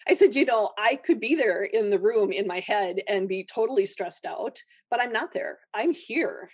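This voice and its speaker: A woman's voice: mid-range voice, moderate pace, breathy edge, no echo, studio quality. A woman nurse telling a personal story in a podcast chat, laughing often and acting out the people she quotes. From Minnesota, USA. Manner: animated storyteller who laughs often and acts out quoted voices. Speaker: guest, holistic nurse.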